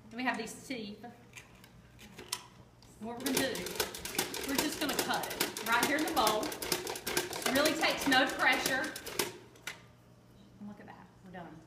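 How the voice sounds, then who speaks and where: A woman's voice: high-pitched, animated, unhurried, long pauses. A woman giving a chatty, joking live cooking demonstration and quizzing her audience. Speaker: kitchen product demonstrator. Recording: echoey room with background noise.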